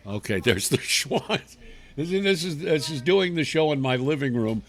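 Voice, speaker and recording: A gravelly man host talks from his living room in a loose, rambling monologue. His pitch jumps around a lot as he goes, and he is blunt and crude, restarting sentences often. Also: expressive, moderate pace. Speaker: talk show host. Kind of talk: casual rambling monologue on a livestream.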